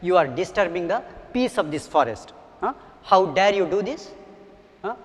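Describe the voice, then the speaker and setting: A proud, angry lion who rules the jungle scolds loudly, read out by a man. The voice is high-pitched. A long echoing reverb trails each line. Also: very animated, brisk. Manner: loud, indignant scolding.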